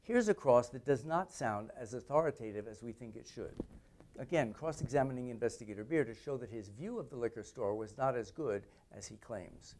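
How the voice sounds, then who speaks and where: A middle-aged man teaching trial lawyers, explaining courtroom questioning in a deliberate, demonstrative way. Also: mid-range voice, animated, darkish tone. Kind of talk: instructional talk with mock courtroom questioning.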